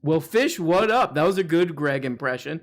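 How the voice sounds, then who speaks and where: A man's voice: on the high side, lively intonation, moderate pace. Rambling, joking male stream host. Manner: rambling, joking, full of "like" and restarts. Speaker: host of a live call-in show. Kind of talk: casual live-stream chat.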